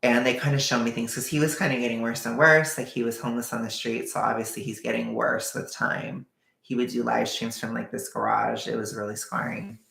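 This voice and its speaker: A man's voice: mid-range voice, flat delivery, fairly quick, gravelly, fairly bright tone. A man vlogger telling a personal story in a candid, emotional, rambling way. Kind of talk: storytime vlog. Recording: echoey room.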